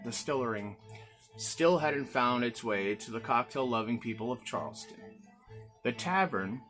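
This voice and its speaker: A man hosting his own gin review show, talking casually and jokingly, prone to excited outbursts. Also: medium pitch, unhurried, soft background music. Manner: chatty, jokey, excitable, with playful outbursts. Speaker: chef. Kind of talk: casual spoken product review.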